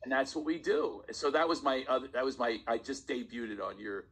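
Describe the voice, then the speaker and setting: A man, a stand-up comedian, telling stories on a podcast in a casual, animated way and often laughing as he talks. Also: mid-range voice, fairly quick, breathy edge, low-quality recording. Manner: animated storyteller, laughs while talking. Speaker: guest comedian.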